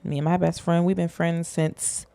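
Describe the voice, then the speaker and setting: Young woman host, vocal fry, rambly and blunt, cusses a lot, dry close sound. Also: fairly low pitch, flat delivery, normal speed, dark tone, dry recording. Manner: rambling, frank, swears freely, self-deprecating. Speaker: podcast host. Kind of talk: candid casual monologue.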